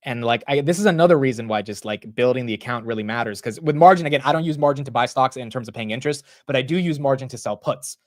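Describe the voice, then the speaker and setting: A man in his twenties hosting a casual live market stream, rambling and excitable, often saying bro and dude. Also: mid-range voice, fast talker, few pauses, dry recording. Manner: rambling with frequent restarts. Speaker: stock market livestream host.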